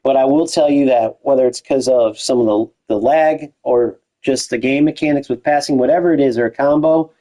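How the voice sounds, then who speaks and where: A young man commentates his own football video game stream, loose and talkative. His voice sits at an ordinary middle pitch, and he keeps chatting to his viewers with slang and restarts. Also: normal speed, few pauses, warm tone, rough recording. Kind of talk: casual gameplay commentary to live chat.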